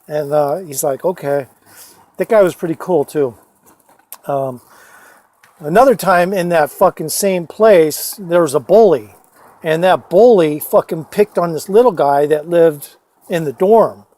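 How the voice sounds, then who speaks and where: A man telling rambling personal stories into his phone, swearing often and filling pauses with "uh" and "you know". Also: a little high, dark tone. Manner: profane, rambling, many fillers and restarts. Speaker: storyteller vlogger. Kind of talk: casual rambling storytelling.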